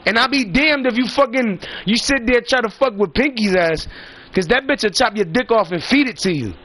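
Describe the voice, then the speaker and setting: A man's voice: very high-pitched, expressive, moderate pace, sharp tone, no room sound. A man telling stories in a rambling, profane, emphatic casual rant.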